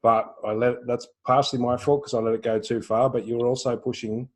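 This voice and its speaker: A man giving a live intuitive healing reading, animated and acting out quoted speech. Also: mid-range voice, fairly quick. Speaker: intuitive healer.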